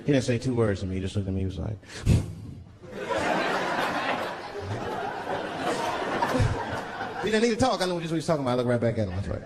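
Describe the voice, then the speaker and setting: A man's voice: medium pitch, lively intonation, unhurried, pauses often, a loud crowd, heavy background noise. A man performing a stand-up routine on a comedy stage, telling stories animatedly and jumping into character voices. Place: comedy stage before a live audience.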